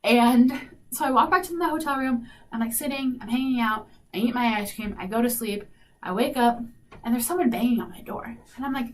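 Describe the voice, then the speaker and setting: A woman's voice: a little high, fairly quick. Young female radio host, chatty storyteller, plays out her quotes, a little distant from the mic. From South Dakota. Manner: animated, lots of "like", acts out quoted dialogue. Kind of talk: casual storytelling. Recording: faint noise, slightly distant mic.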